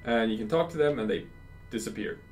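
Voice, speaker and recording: Man, lowish voice, casual game commentary co-host. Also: expressive, brisk, a little mellow, distant mic, faint music behind, poor audio. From Sweden. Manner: explaining, chatty. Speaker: let's play host.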